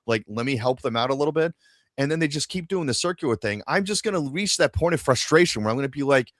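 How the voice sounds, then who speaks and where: Profane ranting podcast host, dry sound. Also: male voice, medium pitch, expressive, fast, fairly bright tone, no room sound. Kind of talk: casual podcast chat.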